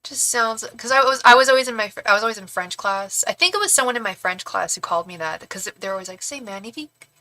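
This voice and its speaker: A young woman reading tarot on a livestream, chatting casually with viewers, thanking donors and softly repeating questions to her spirit guides. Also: mid-range voice, expressive, fast, few pauses.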